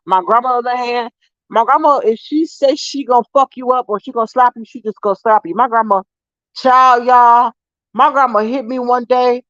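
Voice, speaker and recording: A young adult woman casually telling stories to her viewers in an animated, profane, laughing way. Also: dry recording. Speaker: vlogger. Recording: dull, dry low-fi sound.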